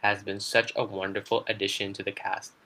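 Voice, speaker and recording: Excitable man with a bright voice. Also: fairly low pitch, brisk. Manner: excitable, enthusiastic fan talk. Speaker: gaming channel co-host. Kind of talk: casual gaming chat.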